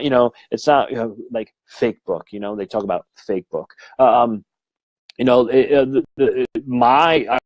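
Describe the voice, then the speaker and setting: A man's voice: mid-range voice, a little mellow, dry recording, rough recording. A man, middle-aged, a medium giving a frank, rambling live-stream talk full of fillers and swearing. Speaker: medium and mentor.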